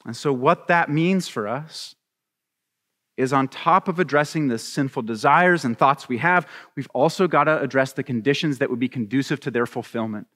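A man preaching a sermon as a pastor, animated and acting out little scenes with voices. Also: medium pitch, normal speed, in a large hall.

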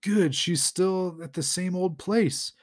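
A man voicing a frazzled male superhero lost between worlds, talking in a quick, exasperated way. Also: sits high, pitched above the performer's own voice. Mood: relieved. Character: frazzled adult male teleporting hero, stranded.

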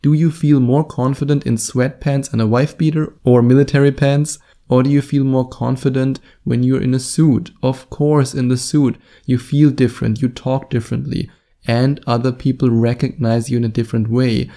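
Brief: German-accented male podcast host, dark gravelly voice, jokey and emphatic. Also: mid-range voice, fairly even intonation, moderate pace. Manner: jokey, self-deprecating, emphatic. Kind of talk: casual solo podcast monologue.

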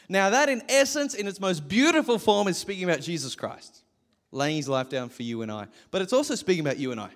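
A man's voice: high voice, lively intonation, quick pace. A man, a pastor preaching a sermon and telling a self-deprecating story, laughing often.

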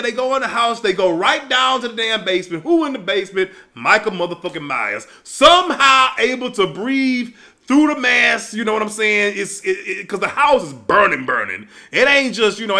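Man, bright tense voice, swooping pitch, casual comedic rant, shouted outbursts. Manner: animated, profane, ranting with shouted outbursts.

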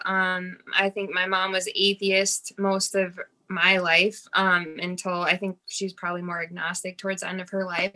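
A woman guesting in a casual conversation, frank and chatty, with laughter never far away. Her voice is mid-pitched and bright. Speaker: podcast guest. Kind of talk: casual chat.

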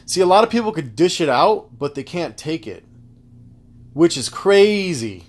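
A man hosting a casual solo podcast, rambling through tangents in a loose, profane, animated way. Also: fairly high pitch, a little slow. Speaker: podcast host.

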